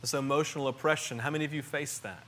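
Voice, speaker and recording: Middle-aged male pastor, slightly high voice, earnest conversational preaching with hushed and loud swings. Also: fairly even intonation, fast, a little hiss or hum. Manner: earnest and conversational, with frequent restarts and swings in loudness. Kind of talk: sermon.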